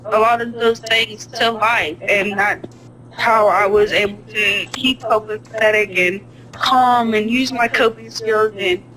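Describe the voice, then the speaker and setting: A woman talking about herself in a halting way, searching for words. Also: fairly high pitch, steady tone, pushed and bright, slight background noise, poor audio. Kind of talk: casual conversation.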